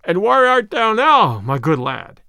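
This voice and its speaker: A man voicing a huge, gruff stranger who speaks loudly and boisterously in a storybook reading. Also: high voice, big pitch swings, measured pace, dry recording, clean studio sound, heavily acted. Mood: mocking. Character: huge burly male stranger, gruff, mocking.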